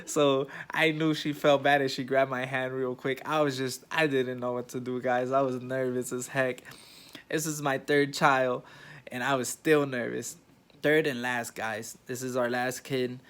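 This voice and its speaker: A young man talks straight to his viewers, retelling a family event in a loose, rambling vlog style. His voice sits at an ordinary middle pitch, and he keeps circling back with fillers and restarts as the story tumbles out. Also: flat delivery, unhurried, fairly bright tone, smooth. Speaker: vlogger.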